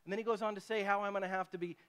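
Man, pastor, sermon, high-pitched, animated delivery, dramatized quotes. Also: rapid-fire, clear, resonant tone. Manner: animated preaching, acting out quoted voices.

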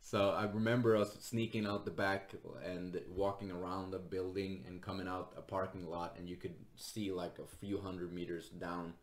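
A man's voice: sits low, moderate pace, hardly any pauses. A man, a stand-up comedian and podcast guest, telling stories casually, laughing often and acting out other people's voices. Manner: animated, laughs often, acts out voices, swears. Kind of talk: casual storytelling.

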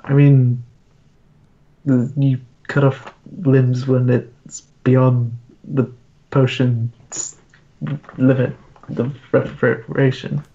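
Man, tabletop game player, easygoing, in-character, mid pitch, slightly muffled lo-fi mic. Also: little pitch movement, very slow, pauses often, warm tone.

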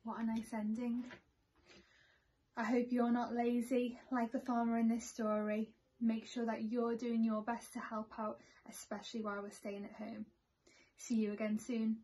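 A woman teacher reading a picture book aloud to children in a slow, expressive storytelling manner. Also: on the high side.

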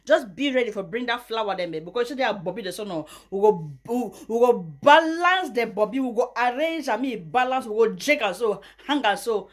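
Mocking Nigerian woman, high voice. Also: animated, a little fast, hardly any pauses. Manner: mocking, breaks into loud high laughter. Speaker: YouTuber. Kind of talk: mocking gossip commentary in Pidgin.

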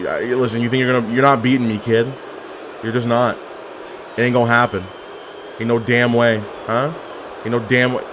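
An excitable man commentating his own gameplay, trash-talking his opponent and cracking himself up. His voice swings hard between low mutters and high yelps. A faint hiss sits under the recording. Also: normal speed, long pauses. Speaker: gaming commentator. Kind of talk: casual game commentary.

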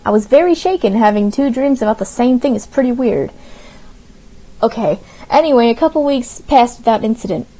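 A woman's voice: a little high, lively intonation, a little fast, dark tone, rough recording. Giggly young woman with a Southern accent. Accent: Southern US (Arkansas). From Arkansas. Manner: giggly, nervous, reacting between read-out lines. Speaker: streamer. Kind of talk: casual reading aloud to viewers.

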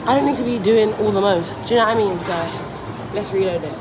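A woman's voice: medium pitch, fairly quick, noisy background. Rambling woman vlogging. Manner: chatty, rambling, keeps asking "do you know what I mean". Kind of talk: casual vlog chat. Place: out and about, car, gym, home.

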